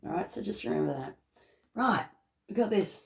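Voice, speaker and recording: A woman's voice: mid-range voice, animated, moderate pace, vocal fry. A woman giving a casual, emotional tarot reading to camera, chatty and often laughing. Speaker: tarot card reader.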